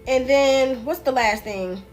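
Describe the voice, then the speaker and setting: Woman on a livestream just chatting to her viewers, kinda high voice, slangy and animated. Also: takes it slowly, faint music behind. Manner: chatty, addresses viewers directly, loose slangy speech; animated, jumps up and down in pitch while retelling. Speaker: livestream political commentary host. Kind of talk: casual chat.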